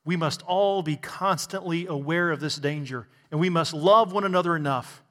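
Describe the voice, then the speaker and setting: A man's voice: on the high side, moderate pace, a bit bright, big-room sound. A man preaching a sermon to a congregation, asking rhetorical questions and adding bits of humor. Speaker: pastor.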